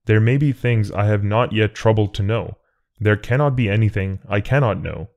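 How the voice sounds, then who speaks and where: A low, calm godlike presence, as a man reads it out in an audiobook. It speaks in a measured, tolerant, coolly matter-of-fact way, never hurried. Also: dull audio, close to an everyday voice. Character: calm all-knowing godlike male voice. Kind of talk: audiobook reading.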